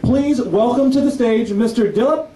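A man acting as emcee at a comedy club gives the next comic a hyped, stretched-out introduction. His voice is high, and the room echoes around him with some noise behind. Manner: hyping, drawn-out announcement.

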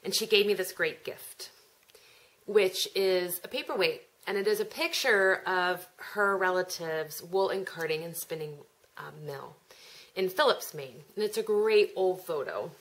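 A woman's voice: on the low side, unhurried, a bit bright, poor audio. An American woman hosting a knitting podcast, talking casually with nasal vowels and a chatty, self-deprecating way of trailing off and picking her thread back up. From United States. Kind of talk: casual rambling monologue.

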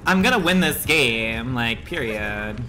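A man live-streaming a video game, excitable and swearing often as he reacts loudly to play and talks back to chat. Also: medium pitch, measured pace, slight background noise.

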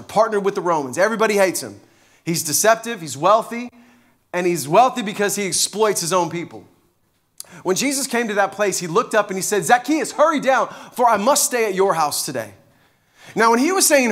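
A male pastor preaching a sermon, animated and passionate in his storytelling. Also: sits high, brisk.

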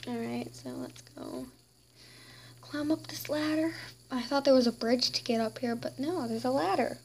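A woman's voice: on the high side, a little mellow, slight background noise. A woman giving playful, chatty gameplay commentary while role-playing as a queen. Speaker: game player.

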